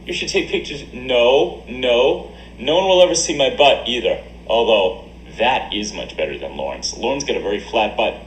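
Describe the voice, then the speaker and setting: A man's voice: mid-range voice, animated, normal speed, few pauses, reverberant, slight background noise, poor audio. A man livestreaming and reading chat aloud, joking crudely and laughing often into a desk mic. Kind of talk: casual stream banter. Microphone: desk USB mic.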